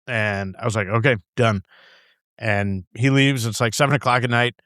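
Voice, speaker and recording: A man's voice: mid-range voice, brisk, a bit bright, clean tone, dry recording. A man in a podcast studio, guest telling casual, rambling stories, swearing freely and acting out other people's lines. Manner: rambling, laughs often, swears, acts out his boss's lines. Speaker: guest brewer. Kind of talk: casual storytelling chat. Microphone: studio microphone.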